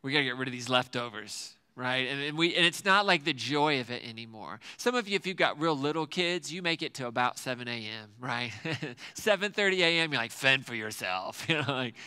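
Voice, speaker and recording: A man preaching a relaxed, funny sermon with a bright, clear voice. He jokes at his own expense and keeps asking the room questions, chatting like he's among friends. His voice sits a bit high for a man. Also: fairly quick, few pauses. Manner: joking, chatty, self-mocking, often asks the room questions. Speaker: lead pastor. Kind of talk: casual sermon to a live congregation.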